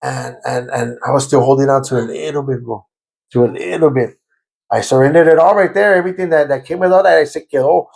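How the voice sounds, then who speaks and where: A man telling his conversion testimony in a conversation, repeating himself and stammering, and turning loud and fervent as he relives praying, with Spanish words slipping in. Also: mid-range voice, fast, creaky. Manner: grows loud and fervent when reliving prayer. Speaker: guest giving a testimony.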